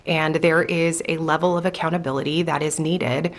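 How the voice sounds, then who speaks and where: A woman chaplain running for office, speaking in an earnest, deliberate way in an interview clip. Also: deep voice, flat delivery. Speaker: chaplain and congressional candidate.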